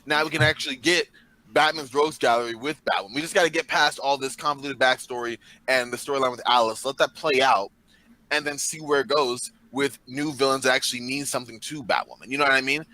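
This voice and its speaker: A man's voice: medium pitch, steady tone, fast, sharp tone, no echo, poor audio. A man hosting a podcast in casual chat with friends, teasing and sarcastic. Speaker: podcast host.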